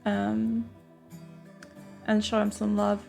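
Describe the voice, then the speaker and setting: A woman's voice: medium pitch, monotone, slow pace, creaky, darkish tone, faint music behind. A woman streamer chatting live to viewers in a giggly, emotional way, often laughing through tears. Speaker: game streamer.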